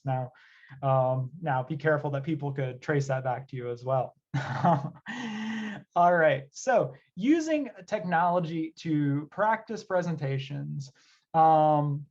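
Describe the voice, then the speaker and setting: A man from Tennessee who works as an instructional designer, leading an online workshop in an earnest, conversational way with many fillers. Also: a little high. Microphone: computer mic on a video session. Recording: dull lo-fi audio.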